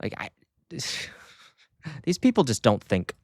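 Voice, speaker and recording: A man streaming casual reaction commentary, talking in an animated, sarcastic and mocking way. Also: mid-range voice, measured pace, no echo, clean studio sound.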